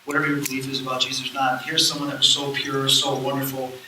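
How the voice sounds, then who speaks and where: A man with a mid-range voice talks fast in a live lecture hall event, telling stories casually and animatedly acting out the quoted dialogue. The recording is echoey and taken from far off, with slight background noise.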